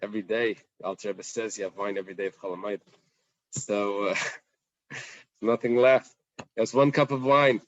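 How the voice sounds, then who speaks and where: A man leads a casual Talmud class, talking it through in a lively, conversational way and voicing the text's questions. The recording is dry and a little muffled. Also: lowish voice, moderate pace, long pauses, dry recording. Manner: conversational, animated, acts out the Gemara's questions. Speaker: Talmud teacher.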